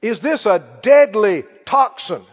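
A man's voice: high-pitched, lively intonation, slow pace. A male preacher delivering a sermon, exhorting and quizzing his congregation. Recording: dull lo-fi, echoey hall.

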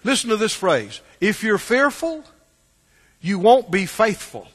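High-pitched pastor preaching, loud then quiet, long church reverb. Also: male voice, very animated, a little slow, husky. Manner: call-and-response preaching, swings from loud to hushed. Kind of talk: sermon. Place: church sanctuary. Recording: long reverb of a large hall.

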